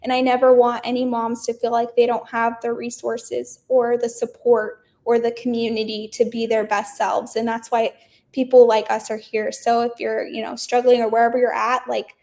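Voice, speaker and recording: A young woman speaks as a podcast guest, chatty and full of fillers. Her voice is fairly high but stays flat, with little rise or fall. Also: moderate pace. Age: young adult. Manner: chatty, leans heavily on "like" and "um". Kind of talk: casual interview chat.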